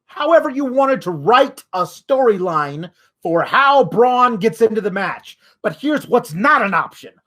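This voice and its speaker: Man, podcast host, high-pitched voice, exasperated, profane rant. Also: very animated, unhurried, fairly bright tone.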